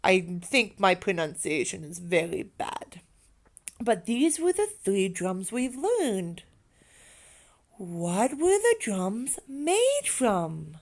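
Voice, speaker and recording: A woman teaching young learners, sounding out words slowly, prompting them to repeat and praising them often. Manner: slow, drawn-out teacher talk, lively pitch, praises and prompts. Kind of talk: children's online lesson.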